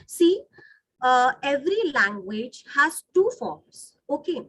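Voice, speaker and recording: Slow, bright-voiced teacher. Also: female voice, high voice, big pitch swings, low-quality recording. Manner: patient, corrects words slowly with repeated checks. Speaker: phonetics teacher. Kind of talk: online webinar lecture. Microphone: video call.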